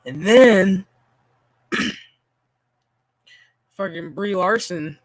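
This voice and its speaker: A male streamer rants off the cuff, swearing freely and sounding sarcastic and fed up, often stumbling over his own restarts. His voice sits fairly high and comes across bright and sharp, recorded close and dry with no room sound. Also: lively intonation, a little slow, pauses often, dry recording. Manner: profane, exasperated and sarcastic; stammering restarts. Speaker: streamer host. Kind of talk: casual ranting stream commentary.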